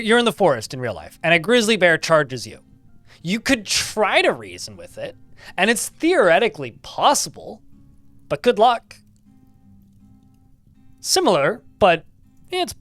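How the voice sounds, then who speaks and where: A man's voice: high-pitched, wildly swooping pitch, measured pace, long pauses, fairly bright tone, no room sound, faint music behind. A man giving casual live gameplay commentary, chatting, reading game text aloud and swearing casually. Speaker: game streamer.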